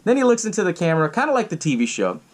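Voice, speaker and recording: A man's voice: high voice, sing-song, very fast, low-quality recording. A man hosting a podcast, recapping a movie in a loose, profane way and laughing often. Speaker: podcast host.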